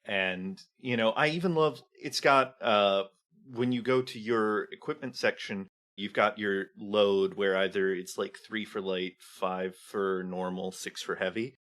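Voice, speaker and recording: A man with a fairly low voice talks through game design as a podcast guest. He explains things thoughtfully in a relaxed chat, peppering his sentences with "like". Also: a little slow, hardly any pauses. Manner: thoughtful, explanatory, many "like" fillers. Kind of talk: casual chat about tabletop games.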